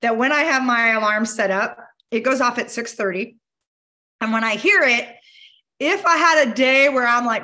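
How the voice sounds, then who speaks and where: Upbeat woman coach giving a talk, fairly high voice, candid and a bit sweary. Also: moderate pace. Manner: energetic, candid, casually swears. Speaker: motivational speaker. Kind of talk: conversational keynote talk.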